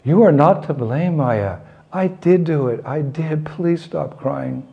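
A man's voice: medium pitch, animated, unhurried, muffled recording. A man voicing a mischievous young boy who protests, then pleads with his mother. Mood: pleading.

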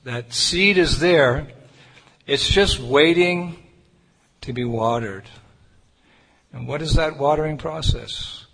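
A man's voice: on the high side, slow, creaky, long pauses, a bit bright, slightly rough. Earnest storytelling preacher man, reverberant hall. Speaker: Hare Krishna preacher. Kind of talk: sermon with personal storytelling. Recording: reverberant hall with faint noise.

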